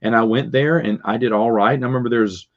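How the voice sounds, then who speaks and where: A man's voice: medium pitch, steady tone, fast. A middle-aged man telling rambling stories with restarts and little chuckles. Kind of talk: casual storytelling. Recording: dull lo-fi recording.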